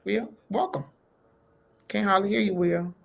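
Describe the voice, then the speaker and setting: A woman's voice: medium pitch, measured pace, creaky. A woman hosting a faith-based talk show, greeting her guests and affirming them with an "amen.".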